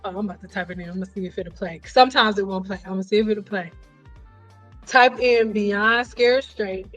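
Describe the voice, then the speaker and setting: Animated woman hosting a livestream chat. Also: medium pitch, fairly quick, soft background music. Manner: animated storyteller, acts out quoted voices; blunt and joking, talks straight to viewers. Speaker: livestream host. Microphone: computer mic on a livestream.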